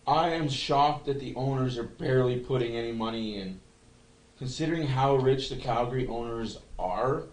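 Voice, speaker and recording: Excitable man calling a hockey stream. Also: mid-range voice, reverberant, poor audio. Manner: excitable, repeats himself, swears. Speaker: fan livestream host. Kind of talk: casual fan commentary.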